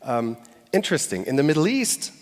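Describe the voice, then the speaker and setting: A man's voice: fairly high pitch, big pitch swings, fairly quick. A man giving a conversational talk on stage, speaking directly to a live audience. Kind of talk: conference talk. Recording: long hall reverb.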